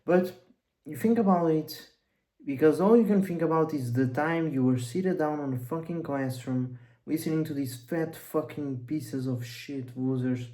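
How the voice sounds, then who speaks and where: A man's voice: fairly high pitch, unhurried, mellow, rough recording. A young man giving a blunt, profane motivational monologue as a coach, rambling and intense.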